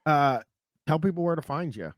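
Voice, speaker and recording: A man's voice: on the high side, animated, normal speed, dry recording, clean studio sound. A man hosting a podcast, talking casually in a rambling, self-mocking way. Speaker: podcast host. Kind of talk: casual chat.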